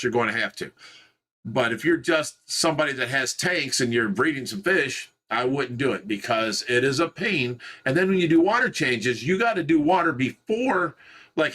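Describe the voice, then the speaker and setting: Speaking from inside his home, this Midwestern American man helps host a fish rescue stream with a fairly high-pitched, sharp-toned voice. His casual livestream chatter wanders, with frequent restarts and moments where he laughs at his own expense.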